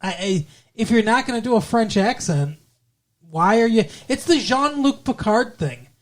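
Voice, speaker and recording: A man's voice: very high voice, expressive, normal speed. A man co-hosting a podcast, chatting casually about a movie in a rambling, profane way. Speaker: podcast co-host. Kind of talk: casual movie-review chat.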